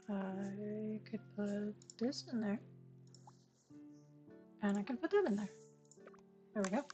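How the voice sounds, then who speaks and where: A woman streaming a cozy game late at night, murmuring slowly to herself as she plays. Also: medium pitch, darkish tone. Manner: slow, murmured talk to herself. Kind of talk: casual gameplay commentary. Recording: faint background music.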